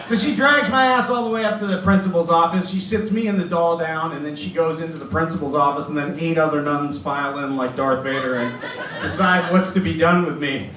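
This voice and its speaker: A man's voice: a little high, a little fast, slight background noise. A man in his fifties doing a stand-up set, telling a story and acting out the people in it. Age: 50s. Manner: storytelling, acts out quoted voices. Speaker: stand-up comedian. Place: comedy club stage. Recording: echoey club from far off, loud ambience.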